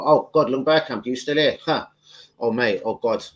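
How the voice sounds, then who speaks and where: A man's voice: medium pitch, lively intonation, a little fast, background noise. A man, chatting loosely and swearing as he hosts a football fan live stream. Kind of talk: casual live stream chat.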